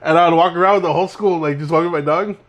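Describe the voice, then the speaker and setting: A man's voice: fairly high pitch, steady tone, rapid-fire, a bit bright, lo-fi sound. A young man co-hosting a podcast, telling rambling, laid-back stories and laughing as he goes. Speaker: podcast co-host. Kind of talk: casual storytelling chat.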